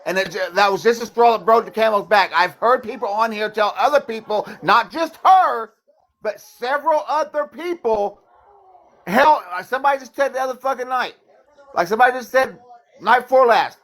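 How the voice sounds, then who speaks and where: A man's voice: very high voice, moderate pace, fairly bright tone. A man hosting a live stream, arguing heatedly and swearing as he repeats his point. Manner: angry, profane, repeats his point emphatically. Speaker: livestream host.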